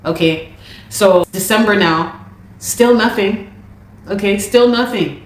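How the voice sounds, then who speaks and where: A woman telling a personal story of a dispute in an animated, indignant way, often repeating words. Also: mid-range voice, slow pace, echoey room. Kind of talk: casual spoken account.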